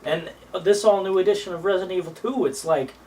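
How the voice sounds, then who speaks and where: A man's voice: high voice, quick pace, warm tone. A man chatting casually on a live stream, swearing and using slang as he agrees with the host. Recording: distant mic with faint noise.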